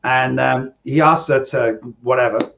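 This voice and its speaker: A man's voice: medium pitch, fairly even intonation, measured pace, gravelly, fairly bright tone, dull audio. A man co-hosting a podcast, telling rambling casino anecdotes in casual chat, often checking in with "right?". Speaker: podcast co-host, former casino dealer.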